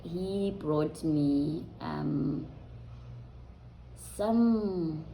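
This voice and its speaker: A woman vlogs a personal story in a low, mellow voice. She talks slowly and casually, trailing off with soft ums. The sound has a roomy echo. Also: creaky, slight background noise. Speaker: vlogger.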